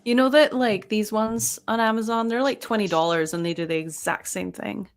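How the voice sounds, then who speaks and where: A woman's voice: mid-range voice, steady tone, normal speed. A young woman co-hosting a paranormal live stream, chatting in a laid-back, teasing way full of "like". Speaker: paranormal podcast co-host. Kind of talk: casual live-stream chat. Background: faint rock music.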